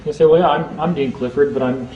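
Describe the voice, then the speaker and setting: A man giving an informal seminar talk to a small group, chatty, acting out courtroom exchanges in quick quoted voices. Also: a little high, fairly even intonation, narrow, tinny audio, a little hiss or hum. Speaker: seminar speaker.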